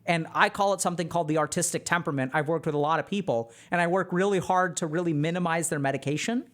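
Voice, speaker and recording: A psychiatrist giving reaction commentary on a TV episode, explaining things and speaking directly to viewers. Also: medium pitch.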